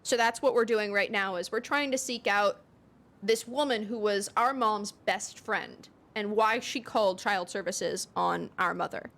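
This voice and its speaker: A woman streaming a game, chatting casually and excitably with frequent swearing. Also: mid-range voice, unhurried. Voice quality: excitable and profane.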